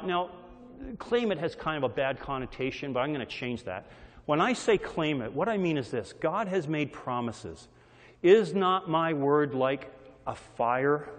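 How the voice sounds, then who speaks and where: Male preacher in mid-sermon, rhythmic repetition, slightly high-pitched, recorded with a long reverberant hall tail. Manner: repetitive call-and-response phrasing, varied emphasis.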